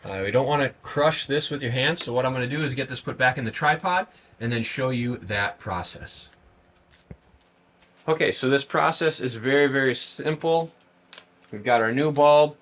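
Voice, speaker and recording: The host of a how-to video channel, a man, explains a car repair step by step beside a parked car outside. He talks at a moderate pace in a medium, slightly bright voice, with a little hiss or hum audible.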